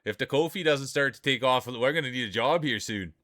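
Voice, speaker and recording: A man's voice: mid-range voice, brisk, sharp tone, no echo, clean studio sound. A man streaming live, commentating marble races in a chatty way and greeting viewers by name. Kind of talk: play-by-play commentary.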